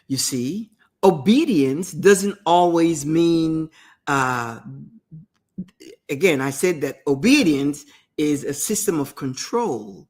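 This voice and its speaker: Woman host retelling a bible story, slow and chatty, lots of you know. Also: low voice, a little mellow. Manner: conversational, many restarts and asides. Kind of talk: retelling a parable in casual talk. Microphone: streamed talk show mic.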